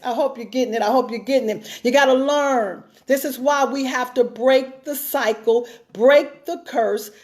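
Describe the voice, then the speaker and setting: High-voiced woman preaching with emphasis. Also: a little mellow. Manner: emphatic, repeats phrases for stress. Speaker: pastor. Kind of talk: sermon-style teaching talk.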